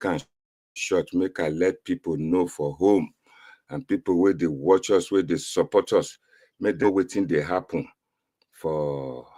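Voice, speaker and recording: A Nigerian man speaking Nigerian Pidgin, giving emphatic, repetitive casual commentary straight to his viewers. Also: sits low. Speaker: online political commentator. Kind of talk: casual direct-to-camera commentary.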